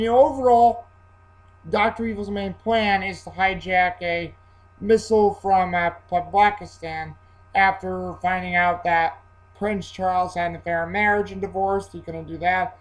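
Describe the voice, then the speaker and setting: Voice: mid-range voice, rough recording. Rambling, enthusiastic movie reviewer. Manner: rambling, with frequent fillers and self-corrections; enthusiastic and jokey. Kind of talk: casual spoken movie review.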